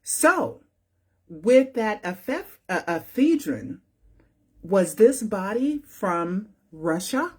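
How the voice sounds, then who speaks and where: A woman's voice: medium pitch, very animated, drawn-out words, husky. A woman hosting her own channel, giving casual commentary in a rambling, repetitive way and often asking "right?" for agreement. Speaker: channel host.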